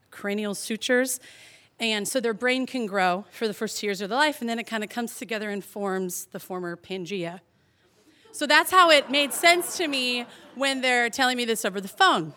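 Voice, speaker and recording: Young woman, a touch high-voiced, animated live storyteller who laughs through her tale. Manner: chatty and animated, heavy on "like", laughs through the telling.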